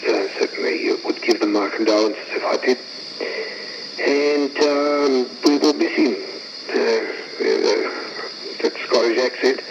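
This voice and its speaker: A man speaking in a measured, hesitant way on an amateur radio net. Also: medium pitch, dull audio. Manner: measured, hesitant, many pauses. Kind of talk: casual amateur radio chat. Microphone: ham radio transceiver mic. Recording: noisy radio transmission.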